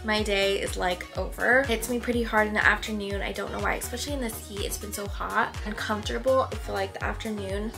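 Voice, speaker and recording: A woman's voice: medium pitch, fairly even intonation, brisk, creaky, hardly any pauses, music in the background. A young woman vlogging casually to camera, chatty and rambling, a little out of breath. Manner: chatty, rambling, frequent laughs.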